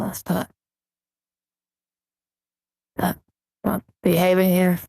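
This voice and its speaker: A man's voice: a little high, slow pace, gravelly, no echo, poor audio. A man hosting a casual live stream, rambling as he sets up his gear and greets viewers before reviewing their mixes. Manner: relaxed, rambling, talks through tech setup.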